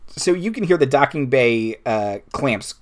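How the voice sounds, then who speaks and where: A man's voice: medium pitch, animated, measured pace. Man, game master, loose chatty narration, laughs a lot, tabletop game.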